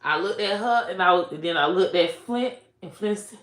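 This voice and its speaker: A woman's voice: fairly low pitch, normal speed, hardly any pauses, a bit bright, echoey room. A woman comedian telling a profane, comic story and laughing between her lines.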